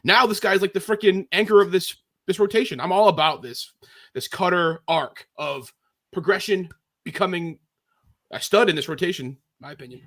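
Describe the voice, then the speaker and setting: A man's voice: high voice, moderate pace, a bit bright. A man on a sports podcast, talking in an enthusiastic, opinionated way. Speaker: podcast co-host. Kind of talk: casual sports chat.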